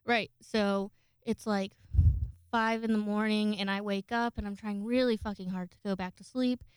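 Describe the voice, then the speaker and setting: Woman rambling thru a storytime at home, swears a lot, tons of likes and ums, smooth clear voice right up on the mic. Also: mid-range voice, fairly even intonation, moderate pace, no echo. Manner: chatty, profane, rambling with frequent fillers. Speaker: vlogger. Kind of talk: casual storytime chat. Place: home, indoors. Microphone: close microphone.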